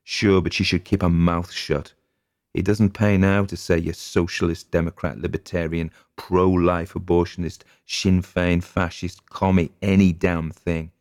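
A man voicing a weary, blunt husband who grumbles gruffly in a storybook reading. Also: deep voice, level tone, unhurried, darkish tone, no echo, studio quality. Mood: grumbling. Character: weary, blunt middle-aged farmhouse husband.

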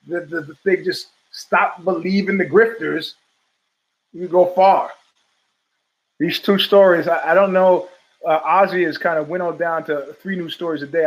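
A man's voice: fairly high pitch, fairly bright tone, low-quality recording. A man hosting his own talk show, telling rambling stories with voiced quotes and frequent laughs. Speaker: podcast host. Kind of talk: rambling casual monologue.

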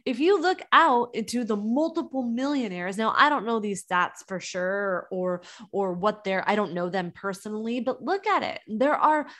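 A woman's voice: medium pitch, moderate pace, hardly any pauses, a bit bright. Woman, thirties, business coach, earnest, encouraging, motivational talk. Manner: earnest and encouraging, with emphatic restarts. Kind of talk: motivational podcast monologue.

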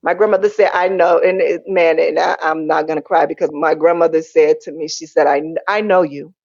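A woman's voice: a little fast, gravelly, dry recording. A woman in her forties or older, a podcast guest telling her story candidly and animatedly. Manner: animated, acts out quoted family voices in a high pitch. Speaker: interview guest. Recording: dull lo-fi dry sound.

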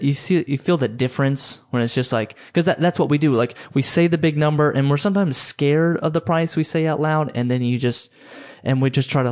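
A male podcast host with a medium-pitched, slightly mellow voice gives rambling coaching talk. His manner is loose and chatty, heavy with fillers and restarts.

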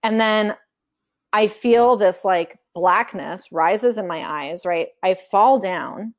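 Taking her time, a woman with a medium-pitched voice chats candidly as a guest on a podcast about her memoir. She acts out the quotes while telling her story in a relaxed, conversational way.

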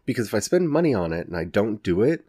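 A man's voice: lowish voice, big pitch swings, fast, dark tone, husky, dry recording, clean studio sound. A man in his forties from the Ozarks with an Ozark Southern accent, hosting a casual solo podcast in a chatty, self-mocking way. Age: 40s. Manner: chatty and self-mocking, frequent laughs and restarts. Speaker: podcast host.

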